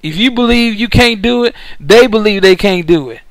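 A man's voice: high voice, moderate pace, dry recording, rough recording. A man voicing a football coach who urgently and insistently pushes his player on. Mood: stern. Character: encouraging male football coach.

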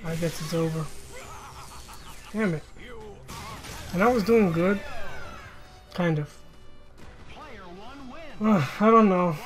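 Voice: medium pitch, slow, pauses often, over music. A gamer giving live commentary on online fighting game matches, rambling and self-deprecating, swearing often when frustrated. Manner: rambling, restarts sentences, laughs at self.

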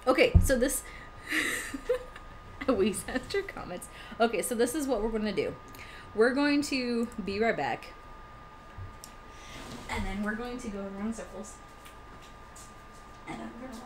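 A woman's voice: a little high, unhurried, long pauses. A young woman streaming a game live, chatting casually to viewers, often laughing and swearing. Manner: laughs often, swears freely, talks to chat. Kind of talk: casual live-stream chat while gaming. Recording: faint background noise.

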